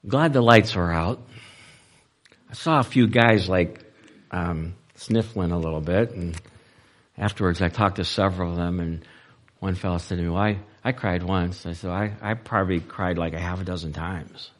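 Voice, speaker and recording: A male preacher delivering a sermon, moving between loud, emphatic lines and soft, low-voiced passages. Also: moderate pace.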